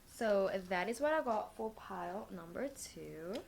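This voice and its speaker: A woman's voice: medium pitch, expressive, unhurried, gravelly, slight background noise. A woman giving a casual tarot reading, rambling and thinking aloud with lots of fillers. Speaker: tarot card reader.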